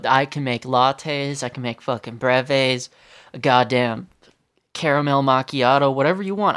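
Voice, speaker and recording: A man's voice: mid-range voice, fairly bright tone, dry recording, studio quality. A man hosting his own podcast, ranting in a crude, exasperated way and swearing constantly. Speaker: podcast host. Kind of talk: profane comedic rant.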